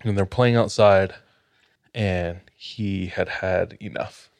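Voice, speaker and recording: A man with a very low voice tells a creepy story at a slow, even pace. His delivery is measured and builds suspense. The recording is dry and close. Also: vocal fry, dry recording. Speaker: podcast host, storyteller. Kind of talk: casual storytelling.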